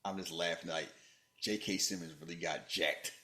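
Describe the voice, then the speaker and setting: A man hosting a podcast in casual movie chat, joking and animated, jumping from loud bursts to low muttering. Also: moderate pace. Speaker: podcast host. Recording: roomy echo.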